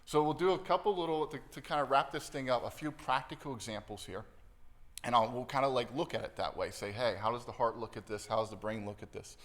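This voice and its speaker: Pastor delivering a chatty sermon. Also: male voice, fast talker. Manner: conversational, keeps checking in with "okay?" and "right?"; acts out inner voices with shifts in pitch and volume.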